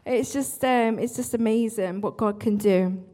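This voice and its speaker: In an unhurried, mellow voice on the high side, a woman leading worship gives a sincere church talk full of restarts and self-interruptions, often pausing for apologetic asides.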